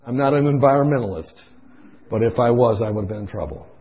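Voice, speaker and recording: A man preaching a sermon, impassioned, swinging from hushed storytelling to loud pleading, in a dull lo-fi recording. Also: mid-range voice, fast.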